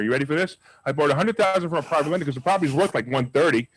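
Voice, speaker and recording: A man teaching a live real estate investing class and taking questions, telling deals as lively, emphatic stories. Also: on the high side, racing, breathy edge, low-quality recording. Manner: energetic, emphatic storyteller.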